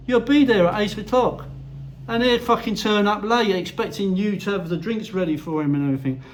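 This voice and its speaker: Guy with a high voice, blunt sweary rant to camera, laid-back vlog. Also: fairly quick, a little hiss or hum. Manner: blunt, profane, frequent swearing. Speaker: vlogger. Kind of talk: casual ranting to camera. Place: house in a Philippine city.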